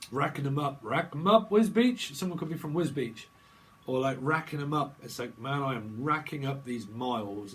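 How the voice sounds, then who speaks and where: A man's voice: mid-range voice, a bit bright, a little hiss or hum. A man giving a rambling, jokey tarot reading, free-associating and laughing often. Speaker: tarot reader. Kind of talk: rambling solo reading video.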